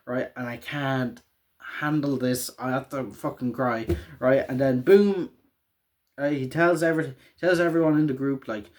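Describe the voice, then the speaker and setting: A man's voice: medium pitch, moderate pace. A young man in a casual vlog, rambling and swearing constantly as he recaps a TV finale, often tagging "right?" onto his sentences. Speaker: vlogger. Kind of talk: casual emotional TV show recap.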